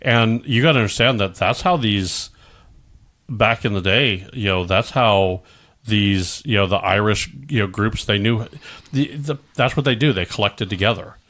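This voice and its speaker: A man's voice: on the low side, moderate pace, fairly bright tone. A man from the Midwest co-hosting a podcast, chatting casually and rambling with many restarts. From American Midwest. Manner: rambling, restarts often, slips into goofy put-on voices. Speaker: podcast co-host. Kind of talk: casual chat.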